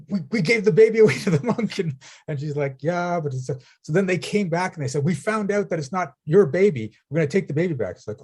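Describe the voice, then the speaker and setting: A man's voice: on the high side, dark tone, breathy edge. A man coaching a client, telling stories and often checking in with "right?". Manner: storytelling, asks "right?" often. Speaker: business coach. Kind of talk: coaching session.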